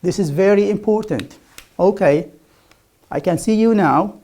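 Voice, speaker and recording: A woman whose first language is Arabic teaches English pronunciation in an online lecture. She drills the sounds slowly and repeats each one aloud. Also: mid-range voice, warm tone. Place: remote class, speaking to a camera.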